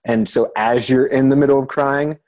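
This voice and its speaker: A man's voice: medium pitch, fairly even intonation, normal speed, darkish tone, poor audio. A man co-hosting an online class over a video call, explaining things in an easygoing, rambling way with plenty of fillers. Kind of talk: relaxed explanatory talk.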